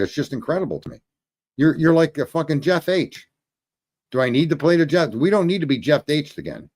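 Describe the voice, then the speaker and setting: A man's voice: a little high, darkish tone. A man hosting a livestream, ranting profanely and scolding his chat commenters in casual commentary. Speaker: livestream host.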